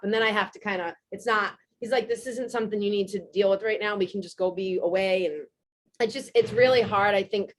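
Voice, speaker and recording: A woman, telling a story in casual podcast chat, animated and swearing freely. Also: medium pitch, a little fast. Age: 40s. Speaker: podcast host.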